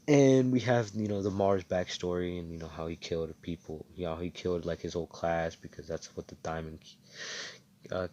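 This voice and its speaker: A man's voice: low-pitched, dark tone. A young man casually retelling his own fan-fiction story over voice chat, rambling and swearing with lots of fillers.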